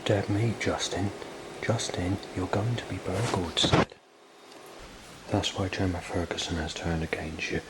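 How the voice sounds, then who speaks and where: A man talks through a personal log in a deep, low voice, rambling and hesitant. He records indoors, and a steady hiss of ambient noise sits under the whole recording. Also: normal speed. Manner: rambling, hesitant, dotted with fillers. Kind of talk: spoken log. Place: indoors in a building.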